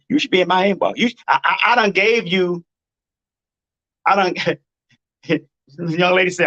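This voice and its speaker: A man's voice: high-pitched, unhurried, long pauses, bright, forceful tone, highs cut off. A man hosting a live-stream advice talk, blunt and preachy, hammering his points by repeating them. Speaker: dating advice host.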